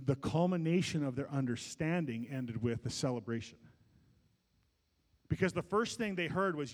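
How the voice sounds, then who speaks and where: A middle-aged male pastor preaching a sermon, swinging between loud peaks and quiet asides, with many restarts. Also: a little high, moderate pace. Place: large church sanctuary. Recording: long hall reverb.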